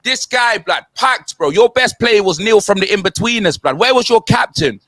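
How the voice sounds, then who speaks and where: High bright London man cracking football jokes. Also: animated, no room sound, studio quality. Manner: rapid slangy banter, sing-song punchlines. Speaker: football banter host. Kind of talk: comedic football banter.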